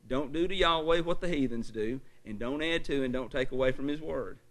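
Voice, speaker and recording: A man preaching a sermon to a church congregation. He reads scripture forcefully, asks the room for an amen, then settles into a calmer teaching tone. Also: mid-range voice, fairly quick. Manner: emphatic preaching that turns to a quieter, explanatory lecture tone.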